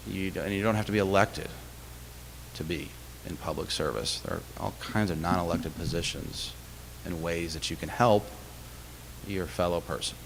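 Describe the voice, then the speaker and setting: A man with a deep voice addresses a college crowd from a chapel lectern, chatty and self-deprecating, with plenty of uhs. His words ring out in a long hall reverb, and a faint background hum sits underneath. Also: moderate pace, creaky. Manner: conversational storytelling with fillers and self-deprecating humor. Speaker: state official giving a chapel talk. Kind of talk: speech to a college audience.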